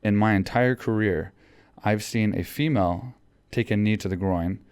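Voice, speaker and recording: A man's voice: on the low side, normal speed, a little mellow. A man hosting a podcast in casual chat, rambling with lots of fillers and restarts. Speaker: podcast host.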